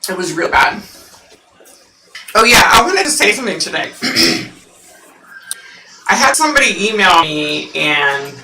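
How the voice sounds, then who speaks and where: A woman hosting a psychic livestream, chatting casually with viewers and laughing often; her voice sounds unusually deep through the mic. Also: animated, measured pace, pauses often, pushed and bright, reverberant, distant mic, a little hiss or hum, rough recording.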